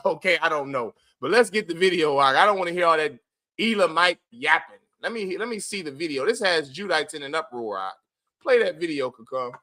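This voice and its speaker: Forceful, bright-voiced preaching man. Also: fairly high pitch, lively intonation, a little fast. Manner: forceful, emphatic, addresses listeners as brother. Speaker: host of a religious group's class. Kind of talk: preachy livestream commentary.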